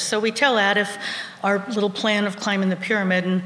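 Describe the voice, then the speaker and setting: A woman telling a personal story live to a room, animated and often chuckling. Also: medium pitch, fast talker, slight background noise. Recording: echoey hall with reverb.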